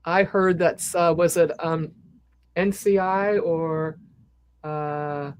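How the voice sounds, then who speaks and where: A woman hosts a casual conversation. She responds to her guest with warm appreciation. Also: sits low, fairly even intonation, slow pace, clean tone. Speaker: host. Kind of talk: casual interview.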